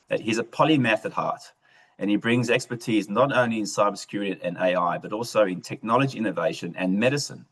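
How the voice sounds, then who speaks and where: Hesitant low-voiced webinar host. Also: male voice, low-quality recording. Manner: hesitant, with many fillers. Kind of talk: introduction and read-out bio.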